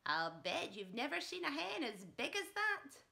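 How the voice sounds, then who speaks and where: A woman voicing a bossy, mean old grandmother who shouts and gloats, in a storybook reading. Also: sits high, very animated, unhurried, vocal fry, voice pushed up, full character voice. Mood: gloating.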